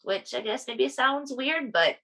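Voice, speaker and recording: A young woman co-hosting a podcast, chatting casually about astrology in a bubbly, animated way. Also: sits high, measured pace. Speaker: podcast co-host.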